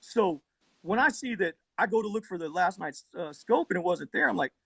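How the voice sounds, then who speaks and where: A man with a fairly high voice and a rough, gravelly texture, breathy around the edges, talks into his phone during a live argument. He swears constantly and rambles, circling back through his story. The sound is close and dry. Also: expressive, moderate pace, dry recording. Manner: profane, rambling, worked-up storytelling. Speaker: livestream debate participant. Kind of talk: heated live-stream argument.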